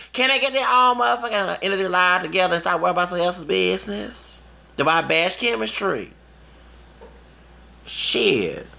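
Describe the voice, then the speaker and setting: A man with a gravelly, rough-edged voice that is somewhat high for a man, with a bright, forceful tone. He rants in a casual vlog, emphatic and profane, dropping to low mutters and then rising into loud outbursts. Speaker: vlogger. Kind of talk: impassioned personal rant. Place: Houston.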